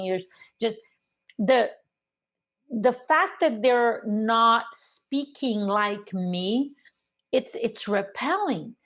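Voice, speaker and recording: A woman's voice: fairly high pitch, takes it slowly. A middle-aged woman coaching real estate agents, explaining phone technique and acting out calls along the way. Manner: animated, acts out phone calls. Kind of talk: coaching lesson to camera.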